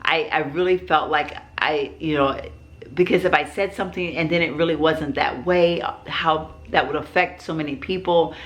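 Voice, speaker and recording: Woman, low voice, middle-aged, vlogger, rambling personal story, lots of fillers. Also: steady tone, moderate pace. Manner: rambling, many fillers and restarts.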